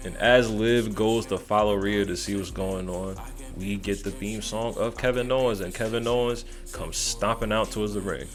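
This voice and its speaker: A man casually recapping a wrestling show, animated and playful, mimicking the wrestlers as he goes. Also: fairly low pitch, moderate pace, soft background music.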